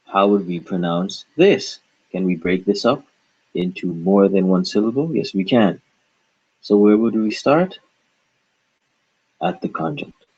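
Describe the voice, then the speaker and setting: A man teaching a patient pronunciation lesson, repeating each word slowly and asking questions to guide the learner. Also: fairly low pitch, lively intonation, a little mellow, husky, highs cut off. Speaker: language teacher.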